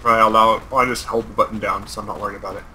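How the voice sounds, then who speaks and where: A man talking casually while playing a co-op game, relaxed and matter-of-fact. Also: on the low side, racing. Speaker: co-op gaming guest. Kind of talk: casual co-op gameplay chat. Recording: very noisy game voice chat.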